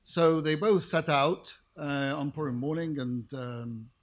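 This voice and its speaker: A middle-aged man giving a formal lecture, telling anecdotes with careful, precise diction, measured pacing and dry humor. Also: a little high. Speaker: rabbinic lecturer.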